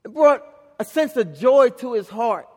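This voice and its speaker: A middle-aged man preaching a sermon as pastor, telling a family story and swinging from loud to hushed. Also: extremely high pitch, lively intonation, measured pace, long reverb tail.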